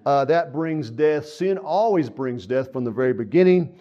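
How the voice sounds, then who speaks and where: A man's voice: medium pitch, animated, moderate pace. A man preaching a sermon as pastor, earnest and folksy, with frequent fillers. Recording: dull lo-fi sound.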